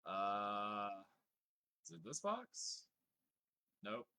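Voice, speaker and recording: A man's voice: lowish voice, very animated, extremely slow, bright, forceful tone, smooth. A man casually commenting on his gameplay and reading chat aloud, swearing freely, laughing often and joking in mock exasperation. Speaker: live streamer.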